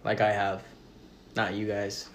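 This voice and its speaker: Young guy guesting on a pod, deadpan, acts all big-shot, echoey room with a little hiss. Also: on the low side, unhurried. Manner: deadpan, mock-arrogant. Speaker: podcast guest. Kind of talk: casual chat.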